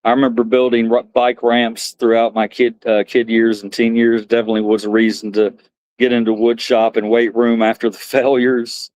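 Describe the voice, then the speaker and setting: A man's voice: medium pitch, little pitch movement, normal speed, a little mellow, no room sound. Rambling middle-aged man streaming. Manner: rambling storyteller, laughs at himself. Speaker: livestream host. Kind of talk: casual live-stream chat.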